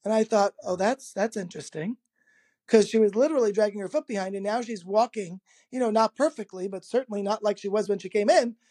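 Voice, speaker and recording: Husky, high-voiced man telling a story. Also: fast talker, few pauses. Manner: animated, laughs often, acts out quoted dialogue. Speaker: interview guest, energy healer. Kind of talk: casual anecdote-telling in an interview.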